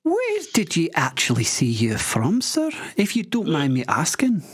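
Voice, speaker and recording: A woman hosting a comedy radio show, playful and mock-stern. Her voice is very low but swoops widely in pitch. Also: huge pitch swings, unhurried, husky. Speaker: host.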